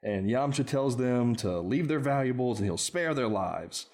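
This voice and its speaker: Brief Male podcast host, mid-pitch, wry recap narrator who laughs easily. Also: expressive, moderate pace, a little mellow. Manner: wry play-by-play, laughs often at his own jokes. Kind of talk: casual podcast chat recapping a film.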